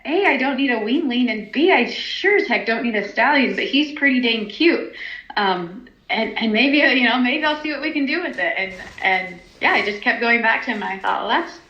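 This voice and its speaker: A woman's voice: on the high side, animated, normal speed, pushed and bright. A woman, a horse trainer talking in a casual interview, chatty, laughing often, with many ums and restarts. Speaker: horse trainer and stallion owner. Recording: roomy, slightly dull sound.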